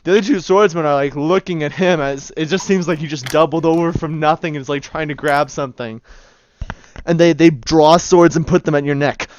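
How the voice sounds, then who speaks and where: A man's voice: on the high side, fairly quick, muffled recording, a little hiss or hum. A man narrating as game master of a tabletop game, casual and laughing often. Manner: casual, laughing, voices many figures.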